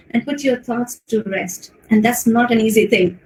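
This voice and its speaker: An Indian woman with a high voice teaches public speaking in a webinar, heard through a video call mic in a roomy, echoey space. She talks expressively and swings her pitch up and down to show how a voice can carry feeling. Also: moderate pace, few pauses. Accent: Indian English.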